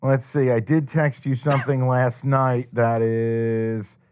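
A man co-hosting a sports betting podcast, talking in a casual, profane and animated way and telling stories with mocking impressions. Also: mid-range voice, slow, clean tone.

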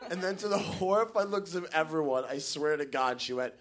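Animated male stand-up storyteller, bright voice. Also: a little high, brisk. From United States. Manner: animated, acts out the people in his story with big voices. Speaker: stand-up comedian.

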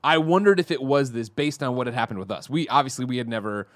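A man co-hosting a podcast in casual chat, talking in an animated, rambling way and correcting himself mid-sentence. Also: medium pitch, fast, no room sound. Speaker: podcast co-host.

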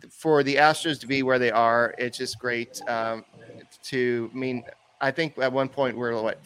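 A man's voice: mid-range voice, fairly bright tone, a little hiss or hum. A man co-hosting a sports podcast, recapping a game in an easygoing, rambling way. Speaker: podcast co-host. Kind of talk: casual sports chat.

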